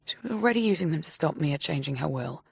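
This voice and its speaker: A woman voicing Christy, a quiet shaken woman. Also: deep voice, animated, quick pace, creaky, husky, dry recording, studio quality, exaggerated voice. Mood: subdued. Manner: quiet and subdued.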